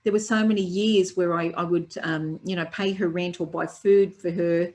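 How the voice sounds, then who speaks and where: An older woman, a Reiki teacher being interviewed, telling a personal story in a lively way and acting out the voices of people she quotes. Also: on the low side, normal speed. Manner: lively storyteller who acts out quoted dialogue.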